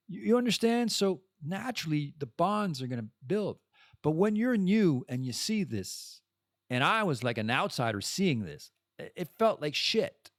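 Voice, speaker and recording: A man's voice: sits high, dry recording, clean studio sound. A French-speaking man hosting a podcast, talking candidly and bluntly in a personal monologue and swearing freely. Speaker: podcast host.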